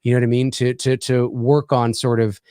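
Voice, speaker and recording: A man's voice: mid-range voice, level tone, normal speed, dark tone, smooth, no echo. Canadian man, forties, casual rambling chat, dry close sound. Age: 40s. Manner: rambling, many restarts and "you know what I mean". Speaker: podcast host.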